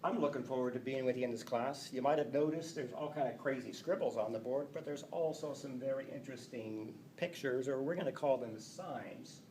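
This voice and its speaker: A man teaching a class, lively and playful, reading example sentences aloud. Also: medium pitch, a little fast, hardly any pauses, slight background noise. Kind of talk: classroom lecture. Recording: echoey classroom from a distance.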